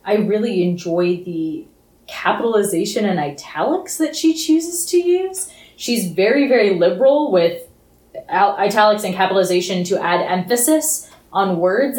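A woman's voice: medium pitch, animated, normal speed, darkish tone. A woman co-hosting a book podcast, talking earnestly and with emphasis in casual chat. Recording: roomy echo.

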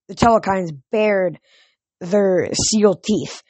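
A woman reading a novel aloud in a steady, measured way. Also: mid-range voice, husky, no room sound. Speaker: reader.

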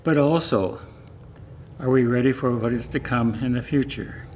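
A man preaching a calm sermon at a middle pitch, with gentle short phrases. Faint noise sits behind his voice. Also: moderate pace. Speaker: pastor.

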